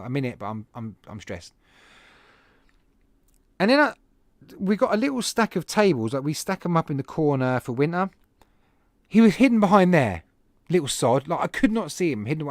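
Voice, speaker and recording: A man hosting a podcast, telling a rambling, animated story to his live chat at home with self-deprecating asides. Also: mid-range voice, no echo. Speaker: podcast host.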